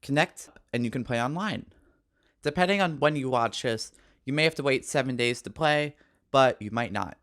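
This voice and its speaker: A man's voice: mid-range voice, expressive, moderate pace, fairly bright tone. A young man narrating a casual tutorial, giving plain step-by-step instructions. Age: young adult.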